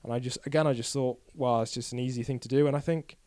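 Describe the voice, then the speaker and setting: A man's voice: mid-range voice, fairly even intonation, fast, dark tone, no echo. A young man, a podcast guest talking candidly and a bit ramblingly, poking fun at himself. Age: 20s. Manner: candid, rambling, self-deprecating. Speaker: guest cyclist. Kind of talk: casual podcast chat.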